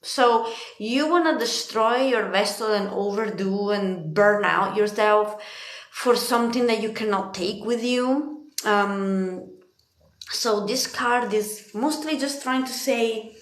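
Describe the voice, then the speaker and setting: A woman's voice: medium pitch, slow pace. A woman from Italy giving a casual spiritual card reading, chatty and laughing often, swearing freely. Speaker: tarot card reader. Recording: echoey room.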